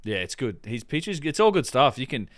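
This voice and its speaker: A man's voice: medium pitch, very animated, brisk, dry recording, studio quality. A man hosting a casual podcast chat, rambling with many restarts and fillers. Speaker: podcast host.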